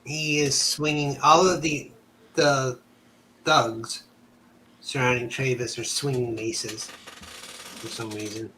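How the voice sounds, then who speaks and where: A man running a tabletop game as game master, pausing often while he sorts out the rolls. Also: mid-range voice, fairly even intonation, pushed and bright, a little hiss or hum, rough recording.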